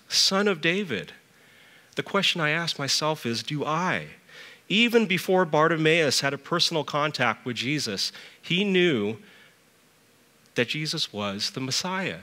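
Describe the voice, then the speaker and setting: A middle-aged man, a church elder, preaching a sermon and telling stories, with lively rises in pitch when he stresses a point. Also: in a large hall.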